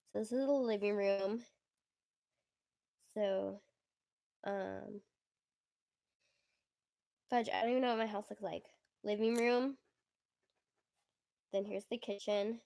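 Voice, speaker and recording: A young woman with a squeaky voice hosting a casual livestream, chatty and giggly, filling her talk with "like". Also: vocal fry, darkish tone, no echo, clean studio sound. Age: young adult. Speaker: livestream host.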